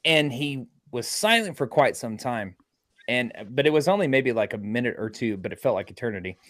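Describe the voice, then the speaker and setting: A man, a paranormal investigator guest, telling stories in a podcast interview and acting out quotes with excitement. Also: medium pitch, fairly quick, no echo, clean studio sound. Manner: excited, acts out quotes loudly. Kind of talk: animated storytelling in a podcast interview.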